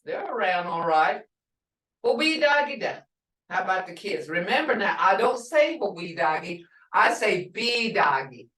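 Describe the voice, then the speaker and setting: A middle-aged woman teaching a language class online, explaining slowly and repeating words for her learners. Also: mid-range voice, a bit bright. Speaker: language instructor. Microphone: video call. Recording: roomy and distant video call audio.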